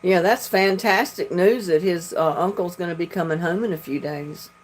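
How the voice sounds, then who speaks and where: A woman's voice: on the low side, moderate pace. An older woman hosting a casual home livestream, chatting with viewers in a homey, easygoing way. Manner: chatty, homey, talks about fixing things herself. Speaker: livestream host. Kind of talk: casual chat reading viewer comments.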